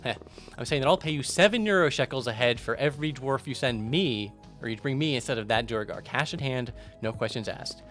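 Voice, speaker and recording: A man's voice: mid-range voice, fairly quick, a bit bright, soft background music, natural voice. Crooked game hustler, sly and foul-mouthed, middle voice, read by a man. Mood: bargaining. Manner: sly, wheedling, swearing. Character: shady male street businessman, sly and crude.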